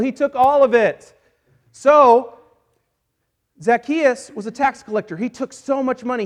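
At a church service, a pastor with a high-sitting voice preaches a playful, energetic sermon. He jokes with volunteers as they act out a Bible story.

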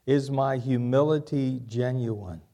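A man's voice: mid-range voice, takes it slowly, warm tone. A man preaching a sermon as pastor, asking rhetorical questions and repeating his key lines.

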